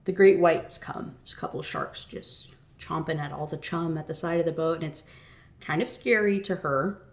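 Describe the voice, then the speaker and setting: A young woman retelling a dark romance novel in a loose, chatty rant. She swears freely, peppers everything with "like", and her voice sits a little low for a woman. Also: moderate pace. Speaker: book reviewer. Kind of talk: casual rant review.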